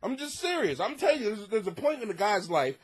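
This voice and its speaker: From a home basement, a man hosts a comedy podcast, reading listener letters and ranting profanely with sarcastic mock outrage as crude advice. His voice sits high, swings widely in pitch, and moves briskly with a breathy edge.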